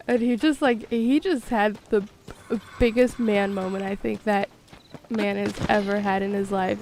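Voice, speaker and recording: A young woman streamer telling a long story in a casual, animated way, full of fillers and quick laughs. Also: fairly high pitch, soft background music. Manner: animated, chatty, many fillers, laughs often. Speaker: gaming streamer.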